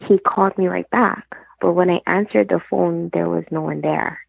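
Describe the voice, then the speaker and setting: Over a tinny, dry phone line, a woman guest tells her personal story earnestly, retelling the conversations she had along the way. Her voice is on the low side and slightly rough with vocal fry, delivered at normal speed in a steady tone.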